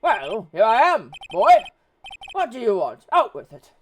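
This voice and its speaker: A woman's voice: on the high side, wildly swooping pitch, unhurried, a little hiss or hum, voice pushed up. A woman voicing a pompous older male lawyer who blusters and stammers when flustered. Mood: blustering.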